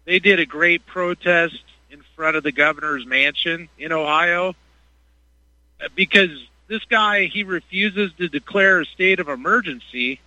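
A man from Washington State calling in to talk radio, his voice very bright and a little high. He talks in a loose, chatty way that trails off. The sound is dry. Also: no echo, dull audio. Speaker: phone-in caller.

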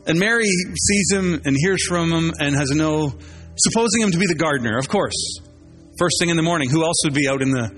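A man preaching in a loose, conversational style, slipping into quick voices for the people he talks about. His voice sits a little high for a man, and soft music plays behind him. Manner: animated, conversational, acts out voices of biblical figures. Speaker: pastor. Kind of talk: sermon.

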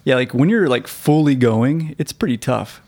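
A man with a gravelly edge to his mid-range voice co-hosts a movie podcast. He recaps plots in a relaxed, easygoing way and drops in dry jokes. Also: mid-range voice, normal speed. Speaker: podcast co-host. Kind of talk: casual chat about movies.

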